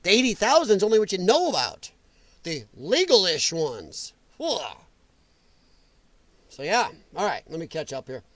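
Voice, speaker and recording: Brief: male show host, high voice that swings wildly, sarcastic and worked up, dry close sound. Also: wildly swooping pitch, measured pace, long pauses, a bit bright, no echo. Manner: heated, sarcastic, mocking. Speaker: political commentary host. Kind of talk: livestream rant.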